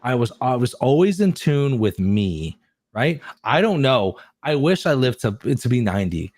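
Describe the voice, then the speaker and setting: Excitable man in his forties. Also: medium pitch, normal speed, no echo, clean studio sound. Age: 40s. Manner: excitable and effusive, swears freely. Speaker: podcast guest. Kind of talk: casual chat.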